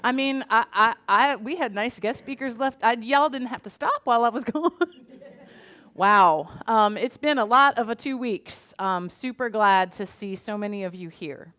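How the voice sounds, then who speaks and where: A woman minister, leading a Sunday worship service in a church sanctuary. She moves between chatty, self-deprecating remarks and a measured reading of poetry. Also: on the high side, a bit bright.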